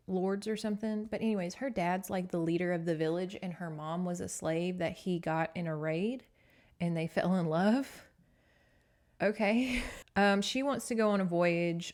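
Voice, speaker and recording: A woman hosting a podcast who chats through a book recap in a casual way, wandering off topic and laughing often. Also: mid-range voice. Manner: chatty, digressive, laughs often. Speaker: podcast host.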